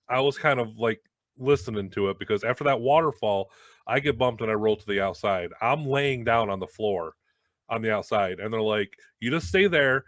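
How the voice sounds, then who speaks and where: A young man hosting a casual chat, telling a story with lots of swearing and loud acted-out quotes. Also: medium pitch, no echo. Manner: animated, swearing, acts out quotes loudly. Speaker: host.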